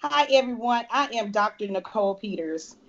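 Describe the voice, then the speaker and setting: A woman from New Orleans with a New Orleans accent, a guest speaker giving an earnest keynote pitch over a video call. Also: animated, moderate pace. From New Orleans, Louisiana. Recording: dull lo-fi video call audio.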